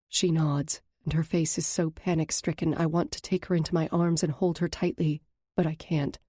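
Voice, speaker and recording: A woman narrating a first-person audiobook in a lowish, mellow voice. Her delivery is steady and earnest, recorded close on a studio mic with a dry, dead sound. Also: normal speed, no room sound.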